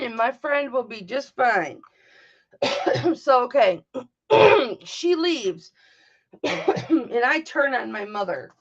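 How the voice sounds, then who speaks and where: A middle-aged woman with a Michigan accent, hosting a livestream in casual chat, blunt, profane and emotional. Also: high-pitched. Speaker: livestream host. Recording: dull lo-fi livestream audio.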